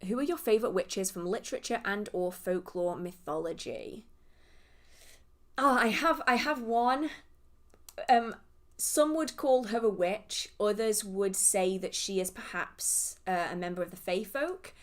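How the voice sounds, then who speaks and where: A young English woman with a southern English accent hosts a relaxed livestream Q&A, reading out viewer questions and answering them off the cuff. She talks in a loose, chatty way, drifting into tangents and circling back with little fillers. Her voice sits at an ordinary middle pitch for a woman. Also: a little slow. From England. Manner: chatty, rambling, goes off on tangents. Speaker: witchcraft Q&A livestream host.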